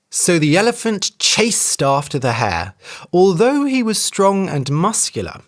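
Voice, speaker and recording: Expressive storyteller reading to English learners. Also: mid-range voice. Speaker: English teacher.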